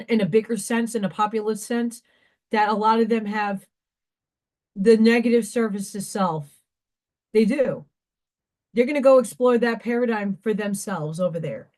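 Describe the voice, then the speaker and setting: She speaks at a measured pace with long pauses, her fairly high voice a little mellow. In this casual craft livestream monologue, the host rants emotionally, sounds tearful, and keeps repeating herself.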